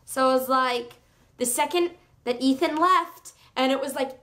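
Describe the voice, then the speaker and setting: A woman reviewing a book on her video channel, chatting in a gushing, excitable way with sarcastic asides. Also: high-pitched, unhurried. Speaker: book vlogger.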